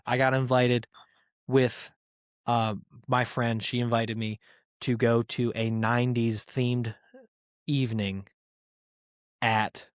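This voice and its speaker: A man hosting a comedy podcast, ranting in a crude, profane and animated way. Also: mid-range voice, no room sound, clean studio sound. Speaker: podcast host. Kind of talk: casual comedic rant.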